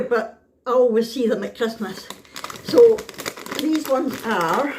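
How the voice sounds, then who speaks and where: In this family vlog, a middle-aged woman from Scotland talks casually to the camera, wandering off topic with lots of ums and small laughs. Her voice is a little high, and the background is noisy.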